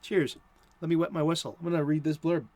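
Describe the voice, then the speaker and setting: A man's voice: a little high, flat delivery, fast talker, darkish tone. A middle-aged American man hosting a casual chat, rambling with many fillers and restarts. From United States. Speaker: host.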